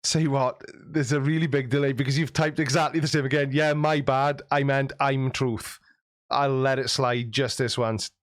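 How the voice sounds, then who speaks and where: A man's voice: medium pitch, fairly even intonation, normal speed, dry recording, studio quality. A man hosting a live stream, casually reading out viewer comments with cheeky jokes and frequent laughs. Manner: jokey, cheeky, laughs often.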